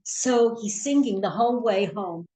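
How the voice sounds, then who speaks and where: A woman's voice: medium pitch, a little slow. Woman telling stories in a roomy hall. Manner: animated, acts out the characters. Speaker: Torah teacher. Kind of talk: live storytelling lesson. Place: synagogue hall.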